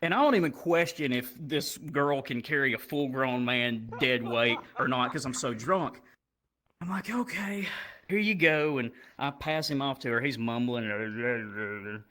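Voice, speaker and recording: A man's voice: medium pitch, a little slow, few pauses. A man doing stand-up comedy on a club stage, telling a profane story and acting out the people in it. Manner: profane, animated, acts out characters. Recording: loud crowd noise. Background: audience laughter.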